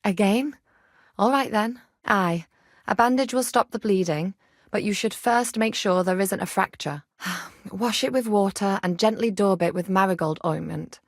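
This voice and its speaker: A feisty young herbalist healer. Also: female voice, medium pitch, measured pace, no echo, studio quality. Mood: matter-of-fact.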